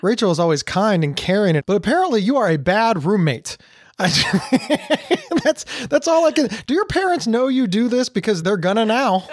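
A man's voice: high-pitched, big pitch swings, a little fast, no room sound, studio quality. A man hosting a podcast, talking earnestly in a casual way, often restarting his words. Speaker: podcast host.

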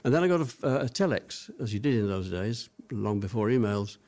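A man's voice: lowish voice, animated, normal speed, dark tone. An older man telling stories from his life as an interview guest, reminiscing at length with plenty of fillers and restarts. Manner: rambling reminiscing with many fillers. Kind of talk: storytelling.

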